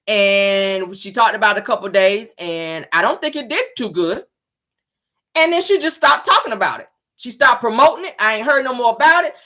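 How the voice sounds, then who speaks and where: A woman vlogger giving casual, sassy celebrity gossip commentary from her car. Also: a little high. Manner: sassy, animated, mocking impressions. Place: parked car. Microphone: phone or dashboard mic in a car.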